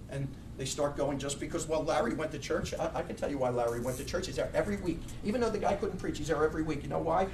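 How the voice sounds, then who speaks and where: A man's voice: on the high side, noisy background. A middle-aged man preaching a blunt, fiery sermon with many restarts. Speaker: pastor. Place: church sanctuary. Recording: echoey room, mic far off.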